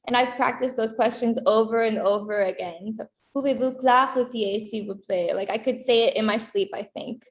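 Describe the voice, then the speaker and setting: A woman's voice: a little high, steady tone, a little fast, few pauses. A woman co-host chatting in an upbeat way and pointing viewers to resources. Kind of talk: casual talk-show chat.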